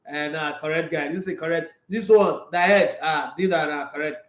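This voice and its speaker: Casual sports chat comes from a Nigerian man's own livestream, delivered in a high voice at normal speed. Animated and quick to laugh, he slides between English and Pidgin while his bare room adds echo.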